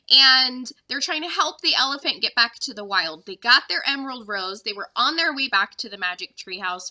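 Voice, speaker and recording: A young woman, a third-grade teacher, expressively reading a children's chapter book aloud to her class. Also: on the high side. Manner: expressive storyteller.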